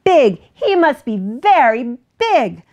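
Woman putting on a fussy male duck, quacky and sputtering, high, bouncy pitch. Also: sing-song, takes it slowly, a little mellow, highs cut off, full character voice. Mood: excited.

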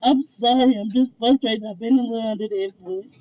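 A woman's voice: on the high side, a little fast, warm tone, rough recording. A young woman in pain, crying and begging over and over from the back of a moving police car. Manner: begging, repeating herself. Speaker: detained woman.

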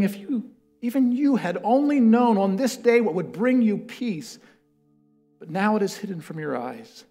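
Reading scripture aloud within a sermon, a man moves from loud proclamations to quiet, hushed words. His voice is fairly high and creaky.

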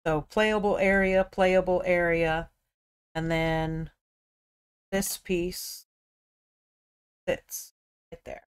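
A woman's voice: fairly low pitch, flat delivery, very slow, pauses often, clear, resonant tone. An American woman hosting a live miniature painting stream, chatting casually and thinking aloud as she works.

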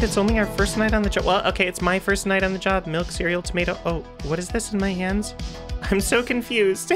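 A woman's voice: medium pitch, moderate pace, over music. A woman giving let's play commentary on a horror game, chatty and jumpy with frequent laughter. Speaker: gaming streamer.

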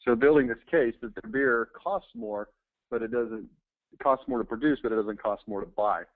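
A presenter reviewing old ads reads them aloud while adding casual, offhand commentary full of hesitant fillers. His voice is mid-range at a moderate pace, and the recording sounds dry and tinny, like a phone.

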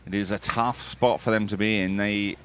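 Excitable man casting a game. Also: lowish voice, normal speed, smooth. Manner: excitable, jokey, quoting movie lines. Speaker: esports caster. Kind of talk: play-by-play game commentary.

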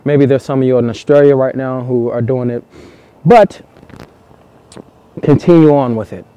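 A man's voice: mid-range voice, normal speed, mellow, clear, resonant tone. A man from the United States giving earnest, repetitive dating-coach advice in a vlog monologue, with casual swearing, recorded outdoors in the cold.

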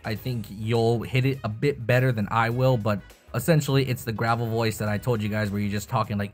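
A man's voice: mid-range voice, fairly even intonation, a little fast, hardly any pauses, faint music behind. A young man talking casually about voice acting with a voice changer, rambling and swearing. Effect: voice changer tests. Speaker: YouTuber. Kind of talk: casual tutorial chat.

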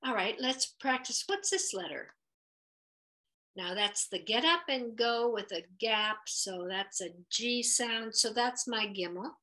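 A woman teaching a Hebrew letters lesson, patient and encouraging, sounding out each letter and vowel slowly. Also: fairly high pitch, expressive, sharp tone. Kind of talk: children's lesson at a whiteboard.

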